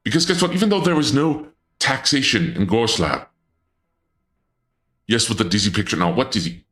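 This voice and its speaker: Flustered man streaming as a dark lord. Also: expressive, normal speed. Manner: flustered and indignant, with sudden high-pitched outbursts; stammers and restarts often. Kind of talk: casual livestream chat in a dark lord persona.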